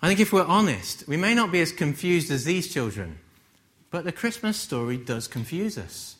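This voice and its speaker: A man from England giving a conversational sermon, gently humorous and full of rhetorical questions. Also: a little high, very animated, moderate pace. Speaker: preacher.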